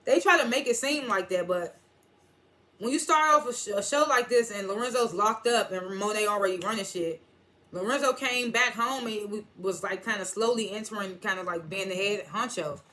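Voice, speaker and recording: A woman's voice: medium pitch, moderate pace, sharp tone. A young adult woman chatting casually as she recaps a TV episode, retelling scenes in quoted snippets and speaking frankly. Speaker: TV episode reviewer.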